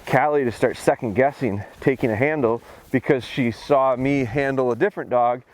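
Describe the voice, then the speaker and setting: Man explaining dog training outdoors. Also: moderate pace. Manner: calls dogs in a high excited voice, then explains calmly. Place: outdoors in snowy field.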